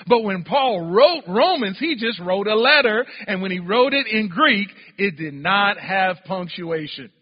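A male pastor preaching a sermon, calling on the congregation to respond and building to emphatic peaks. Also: high voice. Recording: dull, roomy church hall sound.

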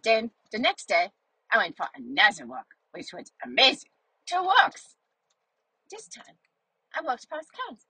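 A woman as a chatty, breathy schnauzer dog. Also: on the high side, wildly swooping pitch, a little slow, pauses often, bright, forceful tone, no room sound, full character voice, rough recording. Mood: playful. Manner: childlike, rambling and playful. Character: cheerful chatty young female schnauzer dog. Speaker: vlog narrator in character. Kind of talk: storytelling in character.

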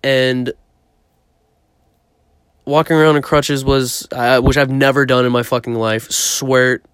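A man's voice: mid-range voice, level tone, a little slow, fairly bright tone, clear, resonant tone, dry recording, clean studio sound. A young man casually telling a story about himself, rambling, swearing often and poking fun at himself. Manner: profane, rambling, self-mocking.

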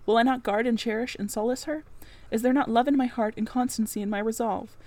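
A woman voicing an earnest, passionate Victorian gentleman pleading his love in an audiobook reading. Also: on the high side, fairly even intonation, fairly quick, lightly acted, poor audio. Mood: impassioned.

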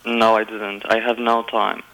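A man from Poland with a Polish accent, chatting as a guest in halting English full of fillers and little laughs. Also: on the low side, level tone, pushed and bright, poor audio. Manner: hesitant, halting with many fillers, laughs often. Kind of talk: casual chat.

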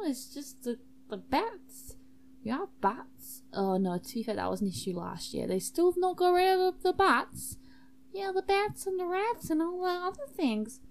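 A tipsy woman voicing a bubbly, rambling emo girl student in a high sing-song voice. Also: vocal fry, darkish tone, heavily acted.

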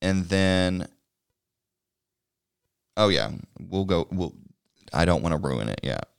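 Deep-voiced man rambling through a movie recap. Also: expressive, slow pace, gravelly, smooth, no echo, clean studio sound. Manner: rambling and swears freely, chuckling while recapping. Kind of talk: casual movie recap chat.

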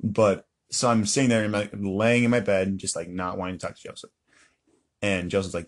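A man's voice: fairly low pitch, level tone, a little fast. A young man co-hosting a podcast, telling a rambling story in casual chat, often laughing and correcting himself. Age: young adult. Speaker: podcast co-host.

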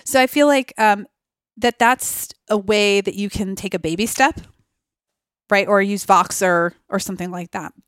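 Smooth-voiced woman chatting on a podcast. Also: mid-range voice, steady tone, moderate pace, fairly bright tone, no room sound, studio quality. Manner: chatty, thinks aloud with many fillers. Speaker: podcast guest. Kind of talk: casual conversational interview.

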